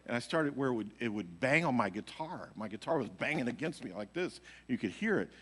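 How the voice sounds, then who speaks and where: A man's voice: mid-range voice, very animated, brisk, fairly bright tone, breathy edge. A man, a worship leader, telling a rambling personal testimony to a church congregation, full of fillers like "you know". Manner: rambling storytelling, heavy on fillers. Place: church sanctuary. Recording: live church stream with long hall reverb.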